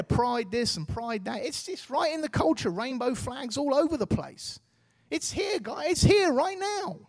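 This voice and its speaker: A man in his thirties preaching a sermon, earnest and exhorting, with casual, everyday phrasing. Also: high-pitched.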